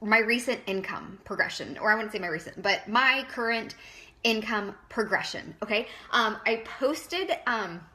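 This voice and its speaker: Bright-voiced nervous woman coach. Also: medium pitch, lively intonation, moderate pace. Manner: nervous, emotional, chatty with many fillers. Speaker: wellness business coach. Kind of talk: casual live-stream talk.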